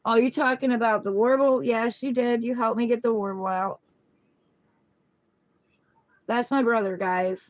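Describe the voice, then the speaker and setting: A woman's voice: a little high, a little slow, pauses often, no room sound, poor audio. A middle-aged woman hosting a casual livestream at home on her phone, chatting loosely and cooing fondly to her pet. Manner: relaxed, chatty, coos affectionately to her pet. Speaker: tarot reader livestream host.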